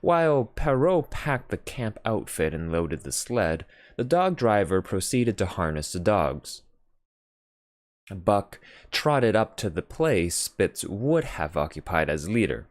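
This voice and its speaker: A deep-voiced man reading a classic novel aloud at an unhurried pace. His measured reading swings widely in pitch to bring out the drama. The recording is dry and close, with no room sound. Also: no echo. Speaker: audiobook reader. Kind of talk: unhurried literary narration.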